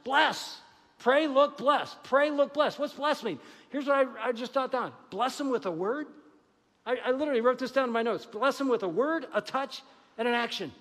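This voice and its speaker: An animated male pastor with a fairly high voice preaches to his congregation, acting out little dialogues with God. The sound carries a long church-hall reverb. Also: moderate pace. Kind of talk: sermon. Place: church sanctuary.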